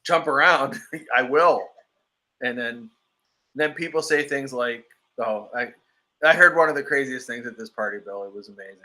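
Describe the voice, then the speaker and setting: A man co-hosting a podcast, chatting casually and telling stories with animated asides. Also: mid-range voice, normal speed. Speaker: podcast co-host. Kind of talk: casual chat.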